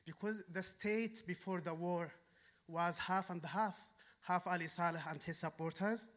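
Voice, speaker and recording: Yemeni accent guy from the audience, bright higher voice, earnest and argumentative, lots of uh's. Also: steady tone. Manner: earnest, argumentative, halting with fillers. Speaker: audience member asking a question. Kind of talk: audience question at a public talk.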